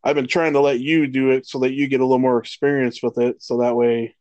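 Guy in his 30s ranting about football, cussing a lot, gets loud and fast, dry close sound. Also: medium pitch, dry recording, dull audio. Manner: profane, animated rants. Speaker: podcast co-host. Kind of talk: casual sports chat.

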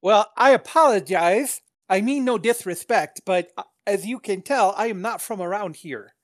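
A woman's voice: mid-range voice, moderate pace, no echo, studio quality, close to an everyday voice. A woman voicing a young, curious male dwarf who speaks formally and lisps. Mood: apologetic. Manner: polite and formal, lisping "sip" for ship.

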